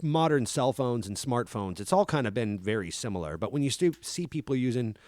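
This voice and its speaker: An easygoing man co-hosting a film podcast, at a middling pitch. His talk rambles with fillers and restarts, recorded dry with no room sound. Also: lively intonation, fairly quick, darkish tone, no echo. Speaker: podcast co-host. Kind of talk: casual film-review chat.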